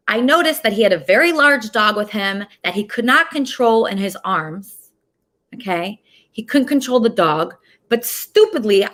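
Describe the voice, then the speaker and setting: A young woman hosts a casual online show, talking straight to the camera. Her voice is bright and forceful, pitched a bit high. She rants indignantly, swearing as she goes. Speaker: host. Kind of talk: casual video monologue.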